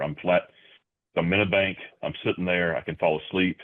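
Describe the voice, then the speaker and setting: Man, very low voice, podcast guest, measured delivery, repeats words, phone-quality audio. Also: steady tone. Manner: measured, lots of "you know" and repeated words. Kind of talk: conversational interview answers. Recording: tinny phone-like remote line.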